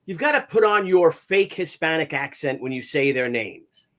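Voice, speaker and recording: A man hosting a live stream in casual chat, greeting viewers by name in an animated, chatty way. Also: a little high, normal speed. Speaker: host of live comics stream.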